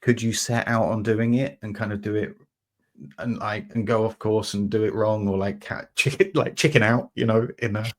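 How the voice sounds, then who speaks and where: A man hosting a podcast, talking through an idea in a relaxed, meandering way, with lots of fillers and restarts and homely everyday examples. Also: on the low side, normal speed. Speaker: podcast host. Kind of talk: reflective conversational explanation.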